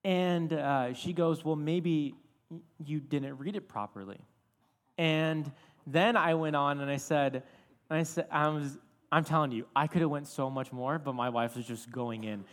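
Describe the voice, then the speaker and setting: Young male preacher, chatty and animated, slightly high voice, echoing hall. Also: normal speed. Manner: animated, chatty with many fillers. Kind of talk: storytelling sermon. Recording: reverberant hall.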